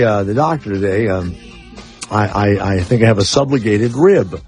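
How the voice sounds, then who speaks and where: A man's voice: fairly low pitch, normal speed, darkish tone, faint music behind. A man hosting a talk radio show, telling stories in a brash, casual way and swearing freely. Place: radio studio.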